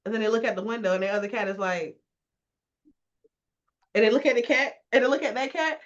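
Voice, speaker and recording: On a relaxed podcast, a female co-host with a voice on the high side tells stories quickly, pausing often. She animates her tales by doing voices and breaking into laughter, all captured on a dull, lo-fi recording.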